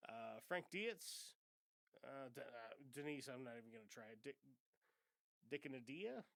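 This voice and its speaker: A man's voice: medium pitch, animated, normal speed, gravelly, sharp tone, clean tone, no room sound. A man co-hosting a casual movie review podcast, rambling, joking and stumbling over names. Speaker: podcast co-host.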